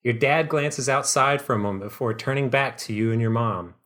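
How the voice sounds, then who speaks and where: A man hosting a podcast, reading a comedic second-person story in a dry, deadpan way. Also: medium pitch, brisk.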